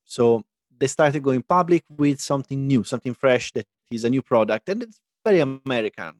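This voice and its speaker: A man in relaxed conversation, laying out his points thoughtfully. His pitch is middling but moves around a lot, which gives him an animated sound. The recording is dry and close. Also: brisk, no room sound. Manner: thoughtful, explaining, laughs easily. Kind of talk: casual chat.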